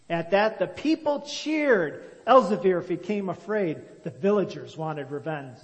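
A man reading a moral story aloud in a measured, expressive way, then explaining its meaning as a religious teacher. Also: high voice, long reverb tail.

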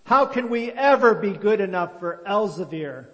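Desperate, thirsty villagers from a spoken storybook, all played by one male reader. They cry and plead in a high, strained voice, and it echoes through a large hall. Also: animated, normal speed, fairly bright tone. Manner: pleading, anguished.

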